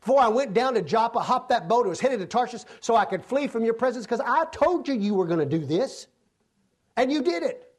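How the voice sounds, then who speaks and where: A man's voice: very high voice, expressive, a little fast, voice pushed up. A man voicing an indignant, sulking male prophet who complains in a raised, whiny voice.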